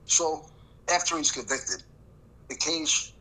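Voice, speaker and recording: Speaking slowly in a fairly high, sharp, expressive voice, a former prosecutor, now an older man, recounts a case for an interview. He is emphatic and performs the quoted dialogue as he tells the story, and the recording is rough.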